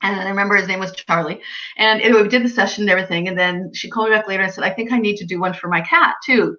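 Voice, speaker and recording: A woman with a mid-range, sharp-toned voice talks at a racing pace, chatting casually as an animal communicator. She tells stories and acts out what her clients said, retelling conversations in quoted voices, and the recording sounds dull and lo-fi.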